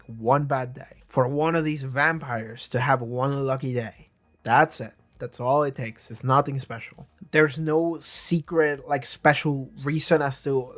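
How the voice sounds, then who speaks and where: A man reviewing a TV season in a rambling, casual monologue, full of filler words and offhand swearing. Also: mid-range voice. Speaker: video reviewer.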